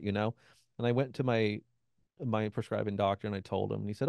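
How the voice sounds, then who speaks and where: A man's voice: on the low side, fairly even intonation, fast, creaky, darkish tone, no echo, clean studio sound. A man being interviewed as a guest, telling a personal story in a loose conversational way, often acting out what other people said and peppering his speech with "you know.". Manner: acts out quoted voices of others; frequent "you know" and restarts. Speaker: interview guest, benzodiazepine withdrawal expert.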